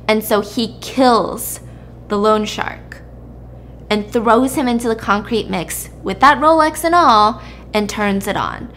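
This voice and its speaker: A woman host casually recapping a drama plot with animated storytelling and quick asides to her co-host. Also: mid-range voice, creaky, a little hiss or hum. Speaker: podcast host.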